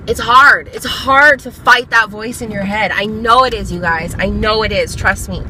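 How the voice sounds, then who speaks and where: A woman's voice: medium pitch, moderate pace, hardly any pauses, pushed and bright, slight background noise, rough recording. A young woman vlogger giving a candid, earnest motivational talk, encouraging her viewers and swearing freely.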